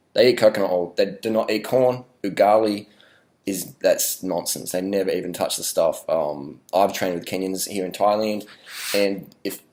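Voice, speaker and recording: An Australian man vlogging a rambling, deadpan sarcastic rant, swearing now and then. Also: lowish voice.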